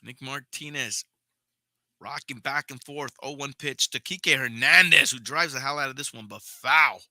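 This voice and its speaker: A man's voice: mid-range voice, moderate pace, sharp tone, no echo. A young man hosting a podcast, giving casual live play-by-play of a baseball game, chatting with viewers and swearing now and then. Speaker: podcast host and play-by-play caller.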